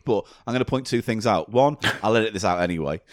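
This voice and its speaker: A man's voice: on the low side, expressive, quick pace, no room sound, studio quality. A man hosting a podcast, chatting casually, exasperated, swearing and laughing often. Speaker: podcast host.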